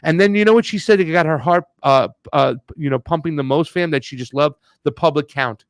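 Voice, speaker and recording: A man's voice: a little high, fairly quick, no room sound. Heated, slangy male co-host, dry mic. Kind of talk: casual political chat.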